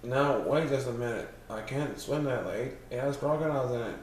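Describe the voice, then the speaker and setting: A man's voice: medium pitch, a little fast, distant mic, a little hiss or hum, lightly acted. A man voicing a tired, honest male elephant who pleads and worries. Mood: worried. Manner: pleading, anxious. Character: weary, honest male elephant, big and put-upon. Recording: very echoey room.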